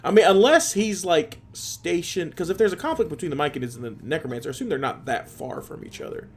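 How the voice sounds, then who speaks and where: A man playing a tabletop game, chatting and thinking out loud. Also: a little high, animated, quick pace, breathy edge. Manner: chatty, laughing, thinks aloud. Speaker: player. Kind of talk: casual tabletop game chat.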